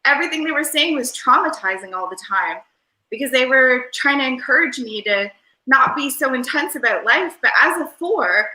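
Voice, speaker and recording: A woman's voice: high-pitched, animated, normal speed, sharp tone. A woman guest in a casual interview, talking in an airy, Valley-girl-like way that rambles with lots of fillers, over a video call. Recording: roomy echo.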